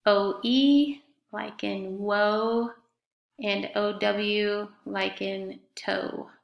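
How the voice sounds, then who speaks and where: A woman's voice: medium pitch, steady tone, drawn-out words, creaky. A woman teaching a fifth grade class in a recorded remote lesson, speaking patiently and spelling out words letter by letter. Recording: echoey room.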